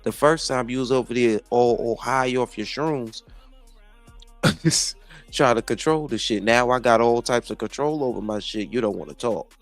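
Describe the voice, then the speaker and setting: A man's voice: mid-range voice, moderate pace, faint music behind. Brash, profane livestream host man. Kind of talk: casual livestream chat.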